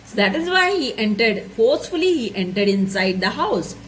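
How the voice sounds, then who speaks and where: Higher-voiced woman teacher explaining a story. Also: big pitch swings, slight background noise, low-quality recording. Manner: checks in with tag questions like "right?" and "isn't it?"; repeats and rephrases each point slowly.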